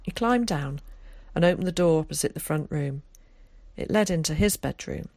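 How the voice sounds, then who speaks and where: A woman reading an audiobook aloud in a steady, measured way. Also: deep voice, no echo. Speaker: audiobook narrator. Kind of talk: scripted audiobook narration.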